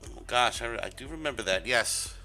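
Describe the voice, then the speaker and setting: A man with a medium-pitched, expressive voice talks at a normal speed in a sharp tone, with soft music playing behind him. He's chatting casually while streaming a game, rambling, sarcastic, and swearing plenty, the usual gaming stream commentary.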